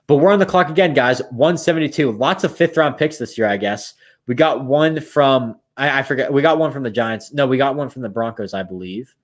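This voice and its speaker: A man's voice: mid-range voice, a little fast. A young man casually talking through picks on a live stream, thinking aloud and a bit tired. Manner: thinks aloud, rambling with restarts. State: yawning, tired. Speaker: streamer running mock drafts.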